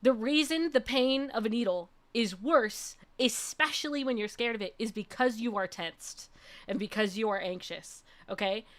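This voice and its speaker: A young woman VTuber telling a story in a casual, animated way, laughing often and checking in with "okay?". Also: on the high side, normal speed. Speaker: VTuber streamer.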